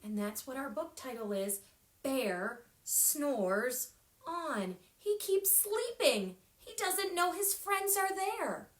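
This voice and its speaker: A woman children's librarian reading a picture book aloud at storytime, animated and expressive, with sound effects and whispered asides. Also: extremely high pitch, measured pace, few pauses. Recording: echoey room.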